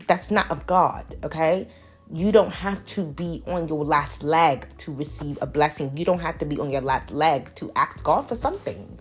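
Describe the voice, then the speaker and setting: A woman with a low, husky voice puts on a British accent while she chats through a nail tutorial. She rambles and preaches a little, with plenty of fillers, over faint music. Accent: put-on British. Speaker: nail artist.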